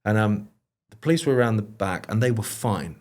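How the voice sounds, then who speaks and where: Male guest, British accent, lowish voice, loose rambling storyteller. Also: lively intonation, brisk, a little mellow. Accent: British English. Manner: rambling, anecdotal, frequent fillers and restarts. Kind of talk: casual conversational chat.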